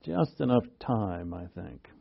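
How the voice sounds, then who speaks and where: A man preaching a sermon, earnest and halting, restarting phrases and pushing his voice up for emphasis. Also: lowish voice, very animated, vocal fry, breathy edge, lo-fi sound. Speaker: pastor.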